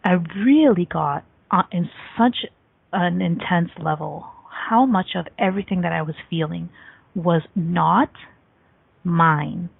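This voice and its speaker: A woman's voice: fairly low pitch, slow pace, creaky, breathy edge. A woman hosting a radio talk show, telling a personal story in a casual chat with a lot of "like" fillers. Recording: dry, tinny phone-line sound.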